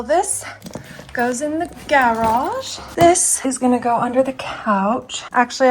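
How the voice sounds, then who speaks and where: Brief: young woman, high bright voice, chatty upbeat home vlogger thinking aloud while tidying. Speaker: lifestyle vlogger. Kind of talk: casual thinking-out-loud vlog. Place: apartment room with a loud air conditioner.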